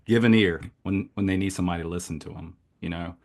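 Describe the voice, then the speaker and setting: A man who was a paramedic instructor, a guest telling his story in an impassioned way, swinging between soft and loud. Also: deep voice, fast, gravelly. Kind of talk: conversational interview.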